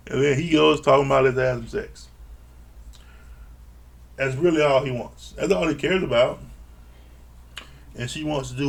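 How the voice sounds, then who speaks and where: A man's voice: mid-range voice, normal speed, creaky, long pauses. A man recapping a reality TV episode in a blunt, exasperated rant, swearing freely. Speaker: reality TV reviewer. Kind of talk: casual ranting recap.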